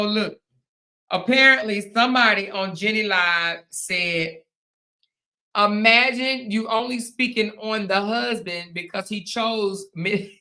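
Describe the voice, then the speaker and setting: A woman in her fifties hosts a casual livestream, reading viewer comments aloud while laughing and battling the hiccups. Her mid-range voice has a sharp tone, and she drawls Southern-Black-style endearments, calling viewers honey and girl.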